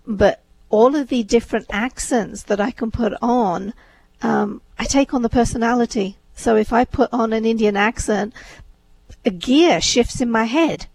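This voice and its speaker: Gravelly-voiced woman co-host. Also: fairly high pitch, moderate pace, darkish tone, a little hiss or hum, poor audio. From England. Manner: thoughtful, chatty with many fillers. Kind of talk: casual discussion.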